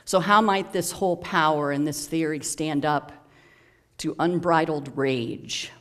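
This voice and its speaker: Slow, measured sermon storyteller. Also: medium pitch, a bit bright. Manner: slow, measured, dramatic pauses. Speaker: minister.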